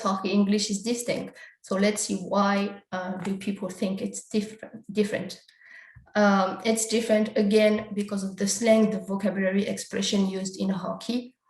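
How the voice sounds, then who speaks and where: A woman's voice: medium pitch, level tone, normal speed, darkish tone. Woman presenting research in an echoey room. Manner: explanatory, steps through results with frequent quotes of survey questions. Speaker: academic conference presenter. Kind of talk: research talk walking through slides.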